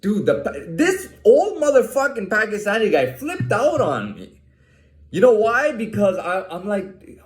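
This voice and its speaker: A man's voice: high-pitched, wildly swooping pitch, moderate pace, echoey room. A man ranting in an agitated monologue, swearing a lot and restarting his sentences. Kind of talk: profane monologue to camera.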